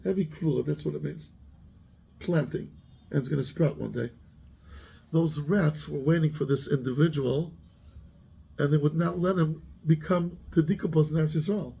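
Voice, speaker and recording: A man's voice: on the high side, fairly even intonation, normal speed, creaky, long pauses, warm tone, slightly rough. A man, a rabbi giving a Torah class who keeps asking his students questions and mixes Hebrew terms into his English.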